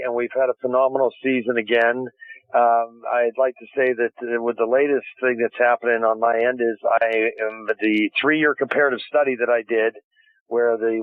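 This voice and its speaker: On a dry, tinny phone line, a guest inventor being interviewed tells stories with eager enthusiasm, restarting his sentences often. His voice sits at a medium pitch with no echo.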